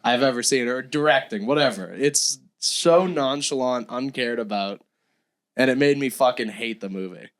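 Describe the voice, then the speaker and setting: A young man co-hosting a casual podcast, excitable, swearing freely and laughing often. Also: medium pitch, moderate pace. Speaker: podcast co-host. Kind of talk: casual chat.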